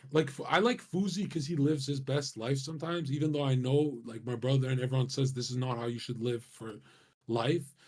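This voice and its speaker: Husky-voiced young man, brash slang-heavy ramble. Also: mid-range voice, normal speed, darkish tone. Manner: swaggering, profane, slangy. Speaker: streamer. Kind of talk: casual rambling chat.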